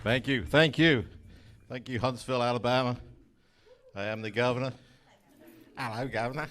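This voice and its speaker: A man's voice: mid-range voice, moderate pace, fairly bright tone. A man in his forties with an English accent, doing stand-up with dry, mock-indignant punchlines. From England. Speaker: stand-up comedian. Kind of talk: stand-up comedy.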